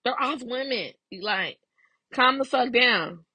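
Young woman gossiping on her podcast w/ AAVE, bright voice kinda breathy, dry close mic. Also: fairly high pitch, slow pace, no echo. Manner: animated, profane, laughing often. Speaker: podcast host. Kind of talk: casual gossip commentary.

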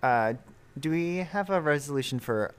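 A man's voice: a little high, lively intonation, normal speed, clean tone. A young man co-hosting a podcast in casual chat, rambling and laughing at himself. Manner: laughing, rambling, self-mocking. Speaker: podcast co-host.

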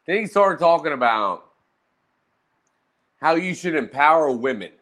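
A man's voice: on the high side, animated, a little slow, fairly bright tone. A man telling roast-battle stories in a brash, profane, casual monologue. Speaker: streamer recounting roast battles.

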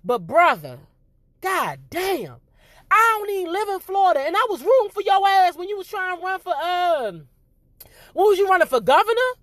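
Loud, profane woman ranting to camera. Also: very high voice, moderate pace, dry recording. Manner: loud, animated, cussing freely. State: voice giving out. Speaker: vlog host. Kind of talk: profane rant to viewers.

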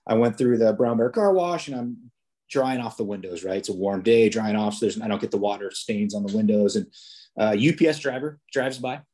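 A man's voice: on the low side, fairly quick, warm tone, slightly rough. A police officer, a man, chatting as a podcast guest, telling stories casually with many restarts and fillers. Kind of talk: casual interview storytelling.

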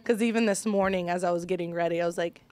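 A woman's voice: fairly low pitch, steady tone, fast talker, a little mellow, dry recording. Giggly self-deprecating woman co-host. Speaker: podcast co-host. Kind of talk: casual chat.

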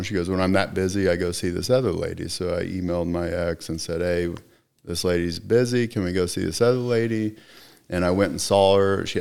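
Low gravelly man telling his story. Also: darkish tone. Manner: earnest, halting, many fillers and restarts. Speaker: podcast guest. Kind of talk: personal recovery story in conversation.

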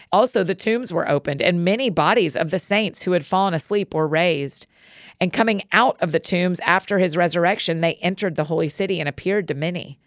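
Low gravelly woman reading scripture. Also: no echo, clean studio sound. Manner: measured, steady reading. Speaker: Bible reader.

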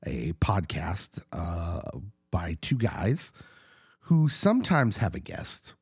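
A middle-aged man who co-hosts a podcast, talking casually while hoarse and husky from a recent illness, animated and laughing often. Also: low-pitched, slow, dry recording, clean studio sound. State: hoarse, getting over an illness. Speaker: podcast co-host, pastor.

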